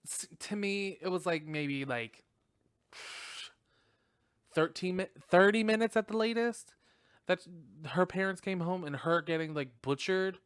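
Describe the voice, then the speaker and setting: A man hosting a podcast, reviewing a film in casual chat, profane and animated, laughing often. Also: high-pitched, unhurried, pauses often, clear, resonant tone, no room sound, studio quality. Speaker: podcast host.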